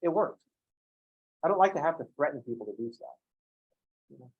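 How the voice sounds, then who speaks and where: A man's voice: a little high, lively intonation, fairly quick, breathy edge, lo-fi sound. Wry, joking man giving a math lecture. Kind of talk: classroom lecture. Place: classroom.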